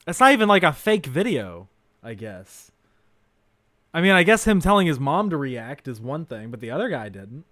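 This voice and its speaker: A man hosting a livestream, reacting to a video with crude, mocking commentary that swings between loud outbursts and mutters. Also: fairly high pitch, very animated, normal speed, no room sound, studio quality.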